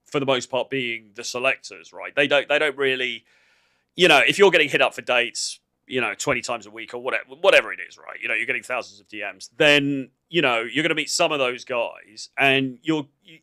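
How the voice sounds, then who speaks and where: A man's voice: mid-range voice, pushed and bright, no room sound. A man hosting a dating advice channel, talking through a clip in a conversational, coaching way with lots of "you know" fillers. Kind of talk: reaction commentary on a clip.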